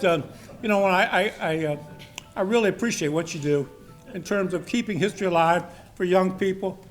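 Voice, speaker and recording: A man's voice: sits high, fairly quick, faint music behind. An older man from Maryland giving a rambling, folksy speech to a society meeting, with many fillers and restarts. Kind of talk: informal after-dinner speech.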